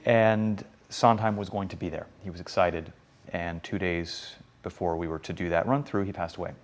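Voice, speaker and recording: A man in his forties talking casually in an interview, chatty and animated, with many fillers. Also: deep voice, normal speed, faint music behind. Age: 40s. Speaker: interviewee, stage performer.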